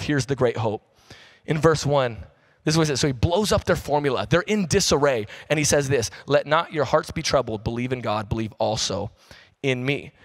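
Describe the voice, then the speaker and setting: A man in his thirties preaching a sermon as pastor, telling stories in a casual, animated way with slang. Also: medium pitch. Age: 30s.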